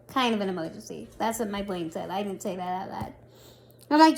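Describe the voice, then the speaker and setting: A woman vlogger in her thirties, telling a story in a casual, animated and self-mocking way. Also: mid-range voice, fairly quick, vocal fry.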